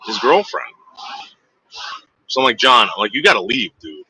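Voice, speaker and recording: Guy on a stream rambling thru a story, swearing a lot, bright sharp voice, dry close mic. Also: mid-range voice, very animated, moderate pace, breathy edge, no echo, low-quality recording. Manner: rambling, profane, acts out voices in retelling. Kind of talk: casual storytelling to viewers.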